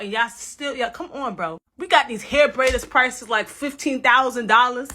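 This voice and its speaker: A woman's voice: fairly high pitch, normal speed, few pauses, bright, forceful tone. A New woman hosting a reaction video, teasing and sassy, laughing between her jabs. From New York, US.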